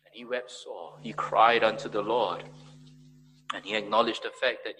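A man preaching a sermon as pastor, swinging between emphatic raised peaks and quiet, low passages. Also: steady tone, moderate pace, a little hiss or hum, rough recording.

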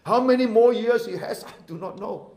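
A Singaporean man preaching a sermon as pastor, impassioned and swinging from hushed tones to loud emphasis. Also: very high-pitched, moderate pace, echoey room. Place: church sanctuary.

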